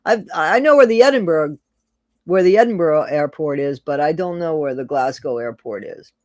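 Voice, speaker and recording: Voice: mid-range voice, expressive, normal speed, a little mellow, no echo, clean studio sound. A person hosting a casual livestream, chatting loosely and reading viewer comments aloud, repeating phrases and laughing often. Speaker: livestream host.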